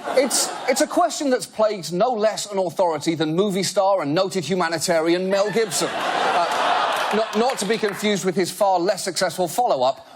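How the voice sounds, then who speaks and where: A man's voice: sits high, noisy background. A man hosting a comedy show, delivering a sarcastic, mock-outraged monologue to a live audience. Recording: loud studio audience laughter. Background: studio audience laughing.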